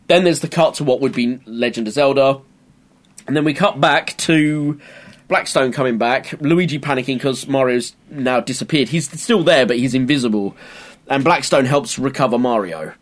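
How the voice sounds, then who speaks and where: A man's voice: mid-range voice, normal speed. Jokey man recapping a show. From England. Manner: jokey, swearing, recaps episodes. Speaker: podcast co-host. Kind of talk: casual chat.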